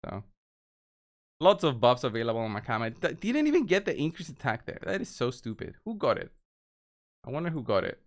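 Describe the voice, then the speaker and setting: A man's voice: medium pitch, sing-song, fairly quick. A man giving casual gameplay commentary, walking viewers through each move step by step. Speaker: game video creator.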